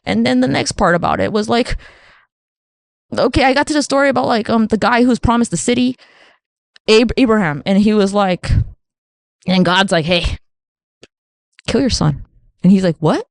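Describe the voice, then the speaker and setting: A woman rambles through a solo podcast, swearing freely and acting out quoted voices as she goes. Her voice has a gravelly fry and a lively, swooping pitch. The sound is close and dry. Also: normal speed, pauses often, no echo. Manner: rambling, profane, animated, acts out quoted voices. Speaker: podcast host. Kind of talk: casual solo podcast monologue.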